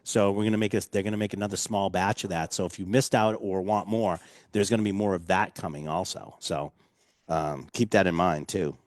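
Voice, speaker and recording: A man's voice: low voice, fairly even intonation, brisk, darkish tone, dry recording, clean studio sound. A man hosting a casual radio chat, loose and enthusiastic, full of fillers. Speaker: radio show host.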